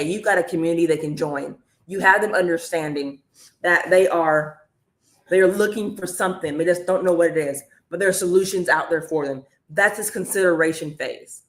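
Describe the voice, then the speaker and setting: A woman coaching viewers on a live stream, chatty and energetic, calling the audience y'all. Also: lowish voice, echoey room. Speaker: online business coach.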